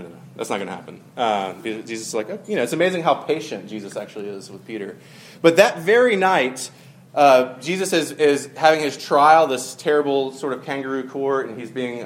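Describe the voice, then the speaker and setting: A man's voice: medium pitch, a little hiss or hum. Chatty man preaching to a room. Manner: chatty, many fillers and humorous asides. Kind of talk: casual conversational sermon. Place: room with a live audience.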